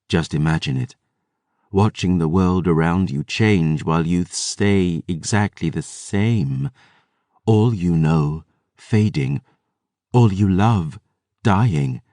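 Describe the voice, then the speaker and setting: A man reading an audiobook voices a grave vampire woman with a soft, hushed, solemn way of speaking. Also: sits low, no echo, studio quality.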